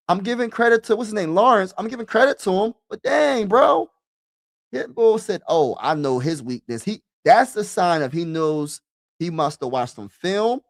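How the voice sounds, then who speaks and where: Animated young man chatting sports. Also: high voice, no room sound, studio quality. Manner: animated, slangy, says bro a lot, shouts and laughs. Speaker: sports streamer. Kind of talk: casual live-stream sports chat.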